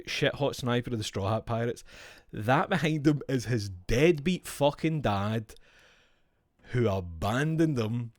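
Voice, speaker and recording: A man's voice: mid-range voice, a little mellow, dry recording, clean studio sound. A Scottish man streaming, chatting casually and explaining with gusto, swearing freely. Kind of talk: casual chat while showing cards.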